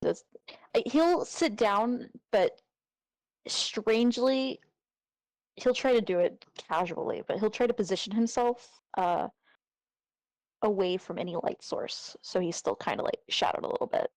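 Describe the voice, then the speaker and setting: A woman playing at a tabletop game in a mid-range voice, recorded dry and close. She describes her character's moves haltingly, full of small fillers and pauses. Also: medium pitch, expressive, darkish tone, no room sound, low-quality recording. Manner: hesitant, many fillers. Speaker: player.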